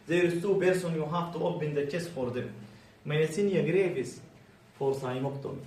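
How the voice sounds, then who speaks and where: A man teaching a bedside clinical exam to students, animated and quizzing them repeatedly. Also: fairly high pitch, moderate pace. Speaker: medical exam tutor. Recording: roomy, distant, faint background hum.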